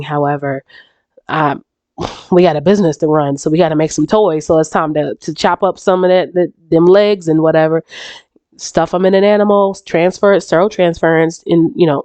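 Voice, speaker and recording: There's no echo as this woman, a YouTube reaction creator, rambles through game theories, frequently starting her sentences over. Her low-pitched, warm voice is congested and stuffy from a sore throat, and her tone is casual.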